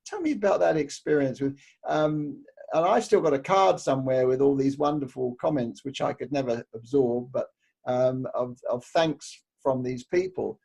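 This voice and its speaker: A man's voice: medium pitch, normal speed, gravelly, a little mellow, slightly rough. A man hosting a casual interview, asking rambling questions with many fillers. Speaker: interview host.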